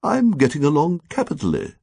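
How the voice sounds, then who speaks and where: A man's voice: fairly high pitch, huge pitch swings, normal speed, creaky, darkish tone, husky, no room sound, exaggerated voice. A man voicing a prim young man who speaks in a stiff, oddly precise and formal way. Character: Teddy Weeks, a prim young man with odd precise speech.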